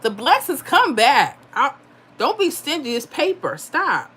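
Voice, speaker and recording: A woman's voice: sits high, very animated, measured pace, fairly bright tone. A middle-aged woman hosts a live stream in a casual, chatty way, reading viewer comments aloud. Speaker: livestream host giving lottery picks. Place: home.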